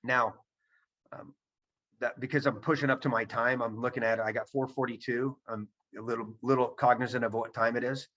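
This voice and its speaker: Speaking a little fast in a steady, slightly bright mid-range voice, a man presents a seminar to viewers on a video call. He's emphatic and keeps returning to his main points, all through dull, lo-fi audio.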